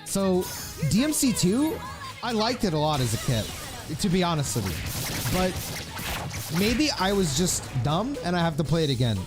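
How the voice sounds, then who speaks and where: Very animated and high-pitched, a young Filipino streamer talks a little slowly as he games, with music playing in the background. His chat with viewers is casual and rambling, full of fillers and laughter.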